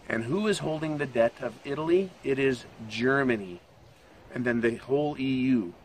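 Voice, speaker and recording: Brief: older US male host, loose profane commentary, mid-pitched voice, light background hiss. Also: a bit bright. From United States. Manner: profane, rambling, jokey. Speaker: channel host. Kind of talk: casual economic commentary.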